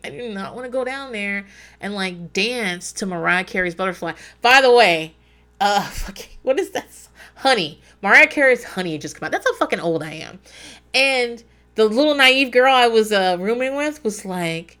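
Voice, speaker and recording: A woman's voice: medium pitch, expressive, moderate pace, a bit bright. Woman in her forties, podcast host, casual chat, swears a lot, wanders off topic, laughs at herself. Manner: digressive, profane, laughs at herself. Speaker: podcast host recapping a reality show.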